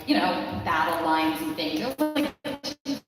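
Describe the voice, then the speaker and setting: A woman voice actor telling an animated story on a convention panel. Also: sits low, moderate pace, music in the background. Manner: animated storytelling, full of asides. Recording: echoey hall, distant mic, noisy.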